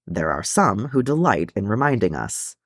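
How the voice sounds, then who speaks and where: A man reading the part of a proud, weary male dwarf in a solemn, measured way. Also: lowish voice, sing-song, no room sound, studio quality.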